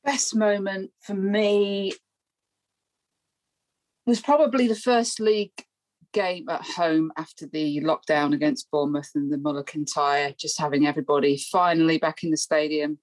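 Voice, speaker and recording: A woman's voice: low voice, steady tone, moderate pace, no room sound. A woman speaking as a podcast guest, earnest and reflective. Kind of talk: casual football podcast chat.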